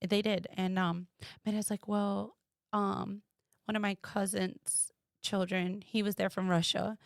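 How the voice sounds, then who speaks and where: Woman, mid pitch, gravelly, animated storyteller, dry sound. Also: unhurried, no echo. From United States. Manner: animated, quoting others with rising pitch. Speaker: guest. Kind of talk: personal storytelling.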